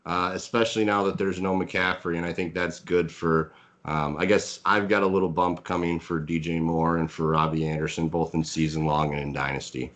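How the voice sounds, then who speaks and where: Deep-voiced male podcast co-host, relaxed analytical football chat. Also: normal speed. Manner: hedging, filler-heavy, analytical. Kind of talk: casual sports analysis chat.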